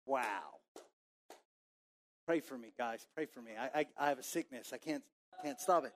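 A man preaching a sermon in a church, animated and joking, acting out a muttering crowd. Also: mid-range voice, normal speed, slight background noise. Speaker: pastor.

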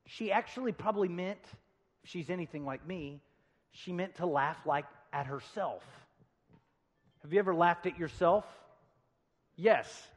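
Pastor, male, 30s, high-pitched preacher with loud peaks and soft asides, church sanctuary. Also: a little slow, long pauses. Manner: dynamic preaching, swinging between loud emphasis and quiet asides; humorous storytelling asides. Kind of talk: sermon. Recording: long reverb of a large hall.

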